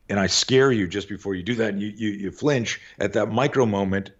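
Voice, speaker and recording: A man's voice: lowish voice, brisk, highs cut off. A middle-aged man, a podcast guest, casually telling a long anecdote, acting out the voices and swearing now and then. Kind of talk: casual storytelling.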